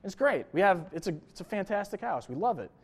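A young adult male pastor with a notably high-pitched voice gives a sermon in a loose, conversational style. He talks to the congregation like friends, dropping in "right?" and "you know" as he goes. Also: very animated, quick pace.

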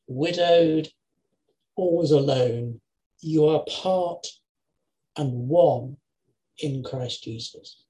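An older man preaching an earnest sermon over a video call, with measured phrasing and emphatic repetitions. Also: sits high, a little mellow, low-quality recording. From England, Lincoln. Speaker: lay preacher.

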